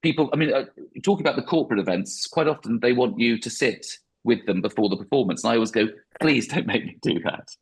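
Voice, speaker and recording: Stand-up guy on a podcast, husky voice, rambly and reflective. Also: mid-range voice, quick pace, a little mellow. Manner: reflective, chatty, frequent restarts. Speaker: stand-up comedian, podcast guest. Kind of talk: podcast interview.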